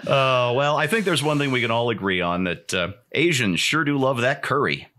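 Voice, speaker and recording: Male talk show host, lively and bright, keeps it jokey and loose. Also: medium pitch, moderate pace. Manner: joking, laughs often, animated delivery. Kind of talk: casual political commentary.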